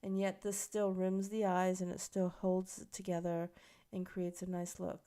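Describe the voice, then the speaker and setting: A woman's voice: mid-range voice, gravelly, warm tone. A woman makeup instructor giving a casual, chatty tutorial, explaining each step as she works on a model. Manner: chatty, explains while working, many fillers.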